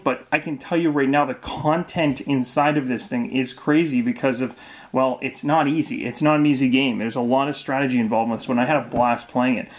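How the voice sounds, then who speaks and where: A man hosting his board game channel, chatting casually and enthusiastically to camera through an unboxing, with fillers and restarts. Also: on the high side.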